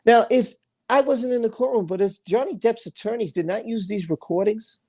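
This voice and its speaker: On his livestream, a man with a high, mellow voice rants angrily at a normal speed. He hammers his points repetitively and often stumbles as he speaks.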